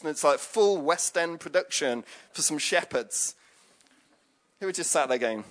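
Brief: preacher, fairly high male voice, casual, joking sermon delivery. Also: animated, moderate pace, a bit bright. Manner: chatty, jokey, with frequent asides and fillers. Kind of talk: conversational sermon.

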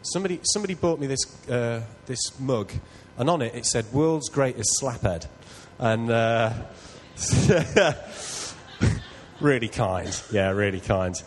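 A man's voice: medium pitch, normal speed, few pauses, slight background noise, low-quality recording. A man preaching a sermon, telling a personal story in an earnest, self-deprecating way. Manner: earnest, self-deprecating, builds to loud excitement.

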